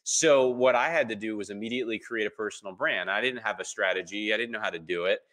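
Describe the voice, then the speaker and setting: Speaking fast, a thirty-something podcast guest tells lively, um-filled stories in a casual interview. His fairly low voice comes across bright and forward, and he switches into other people's voices to quote them.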